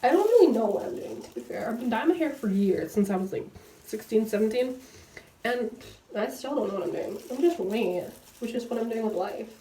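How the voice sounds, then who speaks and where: A woman's voice: on the high side, expressive, brisk, warm tone, slight background noise. A young woman in her twenties chatting casually and rambling with lots of fillers while she dyes her hair at home. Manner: rambling, chatty, full of fillers, laughs at herself. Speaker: book vlogger. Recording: roomy echo, slightly distant.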